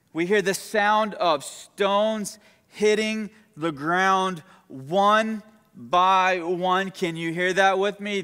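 High-pitched, bright and forceful yet smooth, a man preaches as pastor and urges the congregation to answer back. The sound reflects an echoey church hall.

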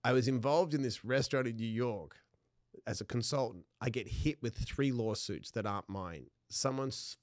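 Animated man telling a story. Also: mid-range voice, no echo, clean studio sound. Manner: animated, laughs often mid-sentence; acts out dialogue in his stories. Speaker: podcast guest. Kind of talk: personal storytelling.

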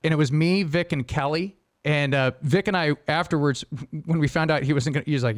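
A man's voice: on the high side, a little fast, dry recording, studio quality. A young adult man hosting a podcast, rambling casually, laughing and acting out quotes in a raised voice. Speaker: podcast host. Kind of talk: casual chat.

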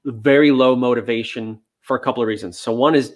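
A man, a dog trainer, answering viewer questions in a relaxed, chatty live-stream style with many fillers. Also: mid-range voice, a little fast.

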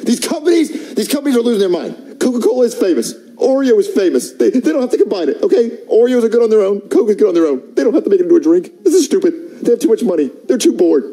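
An actor playing an excitable, fussy father who rants and worries. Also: high-pitched, fast talker, hardly any pauses. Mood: ranting. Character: concerned excitable dad.

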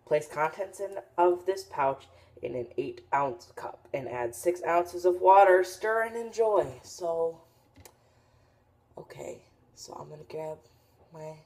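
A young woman chatting casually in a home vlog, gushing with excitement as she talks to the camera. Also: sits low. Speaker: vlogger. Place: home, indoors.

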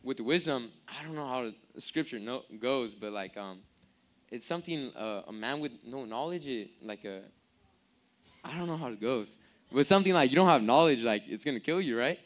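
A man's voice: mid-range voice, animated, moderate pace. Casual young man preaching, full of "like"s. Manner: casual, filler-heavy preaching with many "like"s; rouses the crowd to call back words. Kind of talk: sermon.

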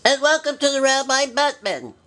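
A man's voice: big pitch swings, moderate pace, sharp tone, full character voice. A man voicing a forgetful, cranky old male bear rabbi who hosts a puppet comedy show, bumbling and stubborn. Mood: flustered. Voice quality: high-pitched, bumbling and cranky. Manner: forgetful, stubborn, easily flustered. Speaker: show host.

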